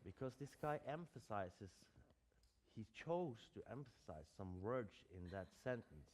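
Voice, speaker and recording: A man's voice: fairly low pitch, animated, unhurried, darkish tone. A man, an acting teacher giving a lecture, hesitant and full of fillers and restarts.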